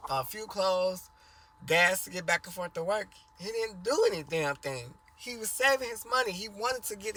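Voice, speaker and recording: A man's voice: sits high, pushed and bright, a little hiss or hum. A man casually telling a rambling family story for a vlog, repeating himself and swearing freely.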